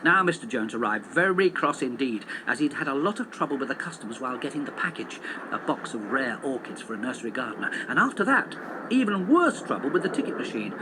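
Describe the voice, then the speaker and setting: A man reading a children's story aloud on television in an animated, expressive way. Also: medium pitch, noisy background.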